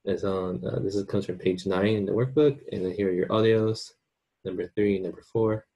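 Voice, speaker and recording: A man's voice: low-pitched, fairly even intonation, normal speed, warm tone. A man teaching an online language lesson in an informal way, checking in often with his students. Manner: informal, checks in with "okay?" and "right?".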